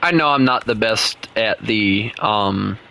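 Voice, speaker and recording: A young man from the chats loosely as he streams a game. His voice sits on the low side yet sounds bright and pushed forward. He rambles, circling back and restarting his sentences as he goes. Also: takes it slowly, gravelly. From United States. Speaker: gaming streamer. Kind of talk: casual gaming chat.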